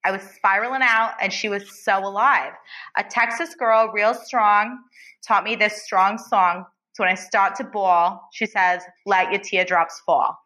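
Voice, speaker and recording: A woman's voice: medium pitch, fairly even intonation, unhurried, pushed and bright, rough recording. A tipsy woman putting on an over-the-top Jersey accent to recite song lyrics. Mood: playful. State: a little drunk.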